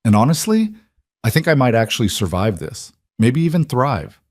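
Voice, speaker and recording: A man voicing a calm, self-sacrificing young woman in a spoken story. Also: mid-range voice, moderate pace, dry recording, studio quality, pitched above the performer's own voice. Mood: resolute. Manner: calm, steady. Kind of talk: audiobook storytelling.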